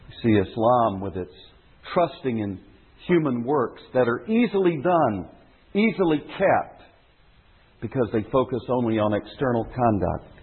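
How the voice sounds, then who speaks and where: A male preacher delivering a sermon with earnest emphasis, his voice husky and a little rough. The sound is narrow and phone-like, like an old tape of a church service. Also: medium pitch, sing-song, measured pace. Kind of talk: sermon with read-aloud novel excerpt. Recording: tinny phone-like sermon recording.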